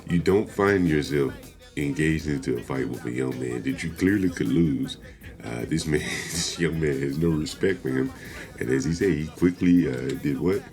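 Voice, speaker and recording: A man hosting commentary on a clip, speaking in a measured, analytical way and chuckling between points. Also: a bass voice, a little mellow, faint music behind. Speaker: commentary host.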